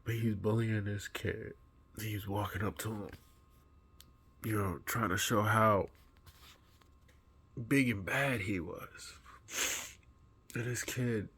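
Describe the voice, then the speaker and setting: A man with a low, husky voice recounts a dream he has just woken from. He tells it earnestly and with animation, as in a personal vlog. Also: takes it slowly, long pauses. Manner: earnest, animated retelling with acted-out quotes. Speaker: vlogger.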